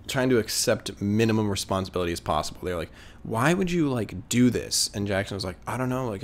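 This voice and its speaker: A man's voice: low voice, fairly bright tone. A young man telling a story casually, rambling with lots of fillers and swearing. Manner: rambling, filler-heavy, profane. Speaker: vlogger.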